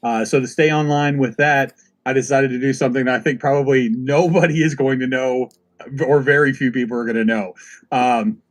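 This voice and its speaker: A man's voice: medium pitch, fairly even intonation, fairly quick. A man co-hosting a podcast who introduces a game in an easygoing, hesitant way. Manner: easygoing, hesitant with many fillers. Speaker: podcast co-host running a game segment. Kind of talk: casual chat.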